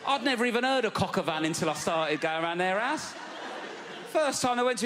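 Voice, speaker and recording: A man's voice: sits high, animated, fast, heavy background noise. A man with a South East London accent doing a brash, cheeky stand-up routine in front of a laughing crowd. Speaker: stand-up comedian. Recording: live club, loud crowd laughter.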